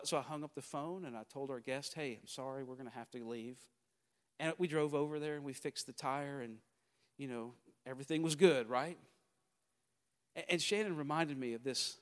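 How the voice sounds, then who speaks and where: Southern pastor preaching in a reverberant hall. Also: male voice, on the high side. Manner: preaching with swells from quiet storytelling to loud exhortation. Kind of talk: sermon.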